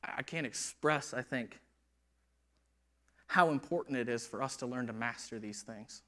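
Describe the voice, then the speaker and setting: A man preaching a sermon in an animated, conversational way, with laughing asides. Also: mid-range voice, unhurried.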